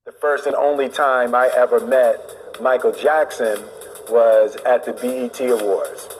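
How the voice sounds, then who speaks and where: A man telling a comic story, animated and acting out the voices. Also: mid-range voice, a little slow. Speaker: celebrity guest.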